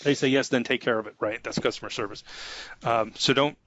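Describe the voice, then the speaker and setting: A man who manages an IT staff, talking informally about soft skills and acting out example conversations with a light chuckle. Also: medium pitch, steady tone, brisk, no echo, muffled recording. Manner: conversational, acts out example dialogues, chuckles often. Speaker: IT manager giving career advice.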